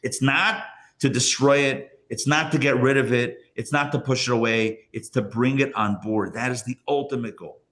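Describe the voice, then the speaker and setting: A man, a rabbi, teaching a live class to an audience in a lively way, often checking in with listeners and repeating phrases for emphasis. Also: mid-range voice, moderate pace, hardly any pauses.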